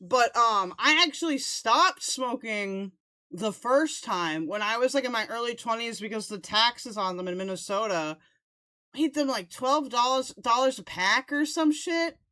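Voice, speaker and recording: A woman's voice: a little high, animated, unhurried, pushed and bright. A woman in her thirties hosting a stream, chatting casually in a profane, rambling, teasing way. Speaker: streamer host. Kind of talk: casual chat.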